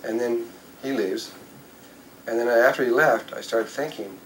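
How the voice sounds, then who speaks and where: Speaking to a live audience, an older spiritual teacher rambles through a story, using fillers and correcting himself along the way. His mid-range voice is unhurried. The recording is low quality with slight background noise.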